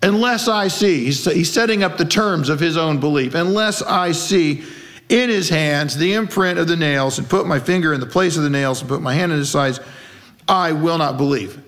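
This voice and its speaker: A man's voice: fairly high pitch, moderate pace, a bit bright. A male pastor preaching a conversational sermon, asking rhetorical questions and acting out quoted lines in character voices. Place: church.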